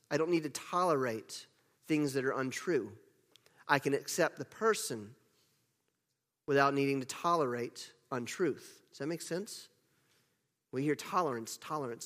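Male pastor, middle-aged, high voice, emphatic sermon delivery, long hall reverb. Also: fairly bright tone. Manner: earnest, emphatic preaching with self-deprecating asides.

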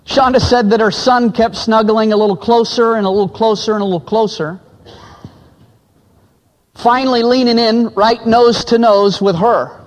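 A man's voice: fairly even intonation, moderate pace, long reverb tail. A man preaching, telling illustration stories and acting out the quoted voices of the people in them. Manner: acts out quoted voices, drops low for men's lines. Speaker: pastor. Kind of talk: sermon illustration storytelling.

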